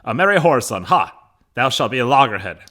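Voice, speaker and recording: Guy doing a loud pushy old lord barking orders, pitched way up, bright edgy tone. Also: sing-song, quick pace. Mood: bossy. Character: blustering old noble father, bossy and hurried.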